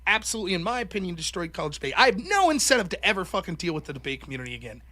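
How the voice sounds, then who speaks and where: A man's voice: sits high, sing-song, rapid-fire, pushed and bright. A man in casual podcast chat, talking animatedly, swearing constantly and acting out what other people said. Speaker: podcast guest, former college debater.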